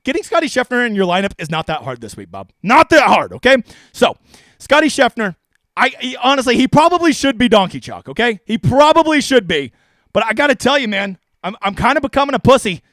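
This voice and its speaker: A man with a very high-pitched voice rattles on brashly through a casual live stream, swearing freely and going off on tangents. The sound is dry and close, with no room echo. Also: sing-song, brisk, fairly bright tone. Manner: brash, profane and rambling. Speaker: fantasy sports streamer.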